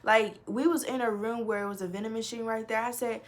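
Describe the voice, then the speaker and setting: A young adult woman telling a storytime on her vlog, animated and profane, swinging between loud outbursts and low mutters. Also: a little fast, few pauses. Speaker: vlogger. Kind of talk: casual storytime.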